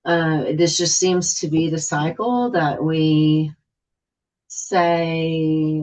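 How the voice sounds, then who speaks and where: Woman on a video call, slow hesitant frank talk, kinda low voice, muffled lo-fi audio. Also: fairly even intonation, darkish tone. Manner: frank, hesitant, many fillers. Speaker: housing board member. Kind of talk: meeting discussion.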